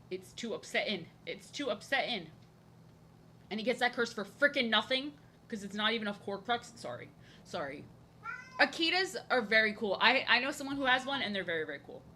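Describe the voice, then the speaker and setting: An art streamer, a young woman with a medium-pitched, sharp voice, chats casually while drawing live. She rambles with plenty of "like" and restarts, and there's a slight hiss or hum in the audio.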